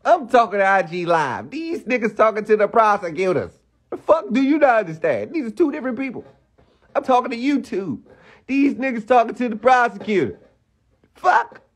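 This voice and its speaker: A young man rants on a live stream, heated and profane, hammering the same rhetorical questions over and over. His voice sits a bit high for a man. He talks into a phone. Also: very animated, a little fast. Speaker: livestreamer. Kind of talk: ranting live stream monologue.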